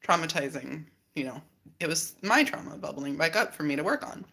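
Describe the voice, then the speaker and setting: Low-voiced woman sharing personal stories. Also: brisk, a little hiss or hum. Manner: candid, animated storytelling with laughs and acted-out quotes. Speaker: host. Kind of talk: reflective personal monologue.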